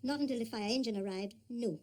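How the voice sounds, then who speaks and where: An actress playing a guarded neighbour who answers police questions bluntly and with a sardonic edge. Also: female voice, on the high side, fast talker, darkish tone, close to an everyday voice. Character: blunt wary female neighbour, adult, defensive. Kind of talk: TV crime drama acting.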